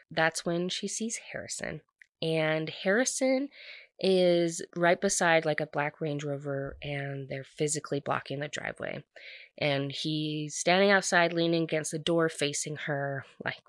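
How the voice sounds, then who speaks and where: A woman casually retelling a story, chatty and loose with fillers, laughing through parts of it. Her voice sits on the lower side. The recording is dry and close. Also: fairly bright tone, no echo. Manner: chatty, constant "like", laughs while talking.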